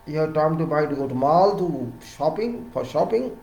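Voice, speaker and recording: Lecturing about civil engineering, this Indian English-accented man speaks expressively in a voice on the high side, at a moderate pace. He stresses points by repeating words, rising loud and dropping soft. The sound is reverberant and dull.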